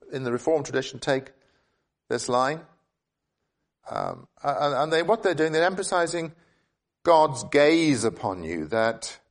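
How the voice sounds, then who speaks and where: A man preaching in a mid-range voice, earnest and thoughtful. He often stumbles and repeats words as he works through an idea. His pitch jumps upward when he stresses a point. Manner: earnest, repeats words while thinking aloud. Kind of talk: expository sermon.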